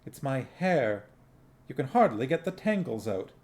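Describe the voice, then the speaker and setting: A man voicing a brisk, practical young woman in the city watch. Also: mid-range voice, very animated, darkish tone. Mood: matter-of-fact.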